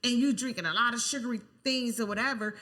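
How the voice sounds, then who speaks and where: A woman co-hosting a podcast. She talks casually and tells her stories with lively energy, picking up speed at times and acting out the other people in them. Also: fairly high pitch, fast. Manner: animated storytelling, acts out quoted voices. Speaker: podcast co-host. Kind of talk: casual chat.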